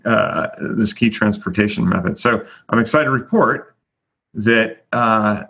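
A man's voice: on the low side, a little slow, a bit bright. A man hosting a casual chat, chatty and full of fillers as he announces rankings. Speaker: host. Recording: dull lo-fi audio.

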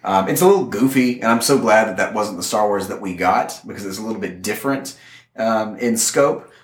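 A man on a casual podcast, calmly laying out details like someone who knows his subject. His voice sits low, and the room gives it a noticeable echo. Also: a little hiss or hum. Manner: knowledgeable, measured explaining. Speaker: podcast co-host. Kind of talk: casual chat. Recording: echoey room.

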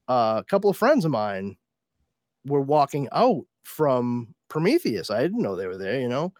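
A man hosts a casual podcast in a middle-pitched voice, rambling through stories about films and cursing freely. He sounds close to the mic in a dry, dead room. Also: darkish tone, no echo. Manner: swears freely, storytelling. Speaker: podcast host. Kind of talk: casual pop-culture chat.

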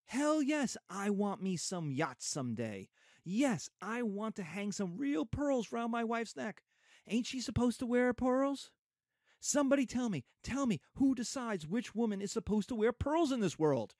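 A proud, desperate young husband, read aloud by a male teacher, pitched high above the reader's own voice and swinging wildly in tone. The delivery is impassioned and raised, in a close, dry sound. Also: very animated, unhurried, a little mellow, no echo, full character voice. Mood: indignant. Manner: impassioned dramatic reading, raised voice. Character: desperate bitter young Black man, proud.

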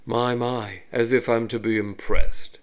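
A man voicing a refined, condescending male high elf villain in a tabletop game, drawling his lines slowly. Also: flat delivery, clean tone, lightly acted. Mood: sneering.

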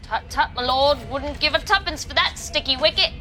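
A man's voice: extremely high pitch, moderate pace, sharp tone, pitched above the performer's own voice, full character voice. A man voicing a young woman who puts on a bad, exaggerated posh British accent. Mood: mock-posh.

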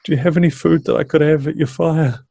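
A frightened little girl from a fantasy adventure, her pleas pushed up high and loud, as a New game master puts her on. She begs for food in a small, desperate voice, slightly off-mic. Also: fast talker, creaky, husky, no room sound. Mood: pleading. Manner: pleading, high-pitched cries.

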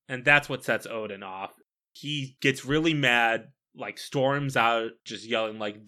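Bright-voiced, deadpan podcast co-host. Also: medium pitch, measured pace. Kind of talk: casual film recap chat.

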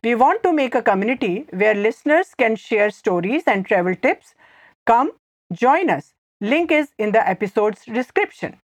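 Higher-voiced woman, dry close mic. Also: animated, moderate pace, dry recording. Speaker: podcast co-host. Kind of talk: scripted educational podcast narration.

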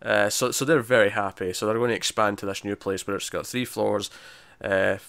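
A man's voice: lowish voice, a little fast, gravelly, no echo. Guy retelling a tv episode, chatty and jumpy, laughs a lot, dry close sound. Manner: animated retelling, laughs often, many restarts. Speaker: podcast co-host. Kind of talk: casual TV recap chat.

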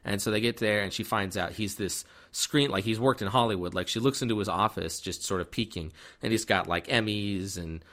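A man's voice: on the low side, brisk, hardly any pauses, fairly bright tone. A man casually recapping a movie plot, rambling with fillers and restarts and acting out the characters' lines.

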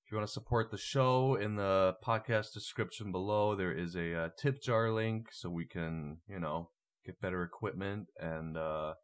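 A man's voice: low voice, moderate pace. A man co-hosting a podcast, chatting casually with lots of fillers. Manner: relaxed, rambling with fillers. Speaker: podcast co-host. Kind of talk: casual chat.

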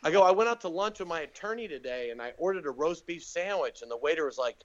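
Animated storytelling man, lo-fi sound. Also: fast talker. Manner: animated storyteller, acts out quotes with big pitch jumps. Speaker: comedian guest. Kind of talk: casual podcast storytelling.

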